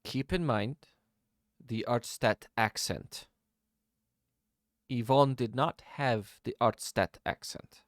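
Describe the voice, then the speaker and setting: A man as game master, narrating and explaining a tabletop game world in a relaxed way with many pauses. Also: medium pitch, dry recording, studio quality.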